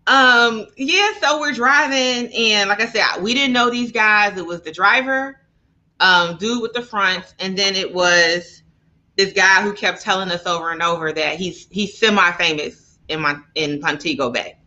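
A woman co-hosting a podcast, telling a travel story in an animated, profane, laughing way. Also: mid-range voice, unhurried, lo-fi sound. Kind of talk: casual storytelling chat.

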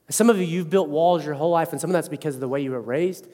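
A man preaching a sermon as pastor, animated and acting out the voices in his stories. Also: a little high, quick pace, few pauses. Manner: animated storyteller who acts out quotes. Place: church. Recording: long hall reverb.

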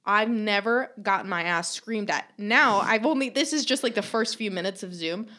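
A woman's voice: mid-range voice, normal speed, bright, forceful tone. A young woman chatting casually on a podcast, telling a comic story, swearing freely and acting out quotes with lots of laughter. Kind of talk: casual comedic storytelling chat.

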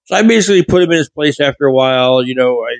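A man's voice: medium pitch, animated, very fast, gravelly, no room sound, low-quality recording. A man telling casual stories in a rambling way, often correcting himself, into a mic with a pop filter. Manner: rambling, frequent self-corrections. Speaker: vlogger. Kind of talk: casual storytelling monologue. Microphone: studio mic with pop filter.

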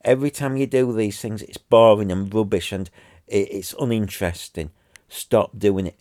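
A man's voice: lowish voice, steady tone, moderate pace, mellow, no echo, studio quality. A man ranting angrily to his viewers, repeating himself and sounding exasperated. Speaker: vlogger. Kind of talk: angry rant to camera.

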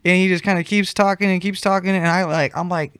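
A man's voice: high-pitched, steady tone, fast talker, a bit bright, clean tone, dry recording, studio quality. A man telling a rambling, profane story in casual slang.

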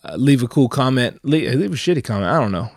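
A man's voice: mid-range voice, lively intonation, fast talker, a little mellow, no room sound. Young guy with a cold doing his solo podcast, kinda nasal, swears a lot, rambles, dead dry mic. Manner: profane, self-mocking, meandering. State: sick, a bit nasal. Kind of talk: rambling casual monologue. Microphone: headphones and microphone.

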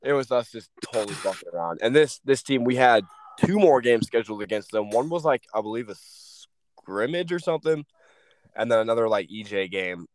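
A man's voice: medium pitch, expressive, a little fast. A young man, a former hockey player, telling rambling stories as a podcast guest. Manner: rambling, restarts, lots of "like" and swearing. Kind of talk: casual storytelling.

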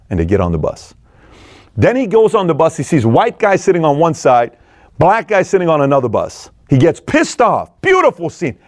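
At a moderate pace, this speaker animatedly recounts a film and draws business lessons from it, performing the dialogue of the people involved and shifting between loud and quiet moments. The sound is dry and studio-clean.

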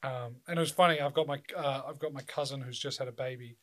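A man's voice: medium pitch, fairly even intonation, fast talker. A young man chatting casually, telling loose stories full of swearing and laughter. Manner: loose, swearing storyteller who laughs often. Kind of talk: casual chat.

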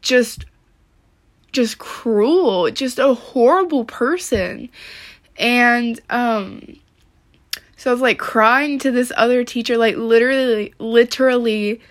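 A woman's voice: a little high, slow. A woman talking casually to camera in a rambling way, full of "like" and swearing. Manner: rambling, heavy use of "like", frequent swearing. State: upset, close to tears. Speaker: vlogger.

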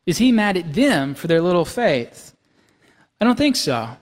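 A man's voice: high-pitched, sing-song, a little slow. A man preaching a sermon as pastor, talking with the congregation in a conversational way and checking in with "right?" and "okay?". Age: young adult to middle-aged, has young kids. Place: church sanctuary. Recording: long reverb of a church hall.

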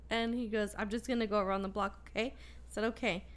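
A woman in her thirties telling a story in casual chat, animated and full of swearing, quoting the people in it. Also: medium pitch, normal speed.

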